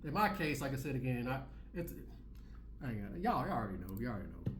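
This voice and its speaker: A man's voice: medium pitch, big pitch swings, quick pace, echoey room, a little hiss or hum. A man giving reaction commentary in a preachy, repetitive way, full of street slang. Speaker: commentary vlogger.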